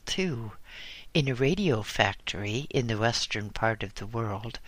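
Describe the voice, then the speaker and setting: Man reading an audiobook, slow and measured, bright tone, dry close sound. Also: medium pitch, no echo. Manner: measured, even storytelling. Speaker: narrator. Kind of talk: audiobook narration.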